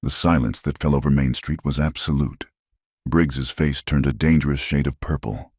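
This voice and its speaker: Super deep guy reading a western story, slow and dramatic, dry sound. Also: fairly even intonation, a little mellow, husky, no echo. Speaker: narrator. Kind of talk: scripted narration.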